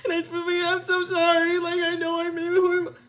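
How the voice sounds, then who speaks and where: A man's voice: very high-pitched, completely flat delivery, normal speed, pitched above the performer's own voice. A woman voicing a remorseful, clingy teenage boy who pleads and sobs his apologies. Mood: sobbing.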